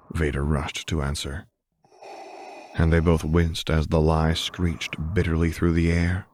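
Male audiobook reader, calm and measured, very deep voice, faint hiss in the recording. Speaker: narrator. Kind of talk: audiobook reading of fan fiction.

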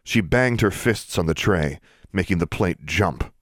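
A man reading a story aloud as a narrator, in even, measured storytelling. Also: deep voice, no room sound, clean studio sound. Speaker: audiobook narrator. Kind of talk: scripted narration.

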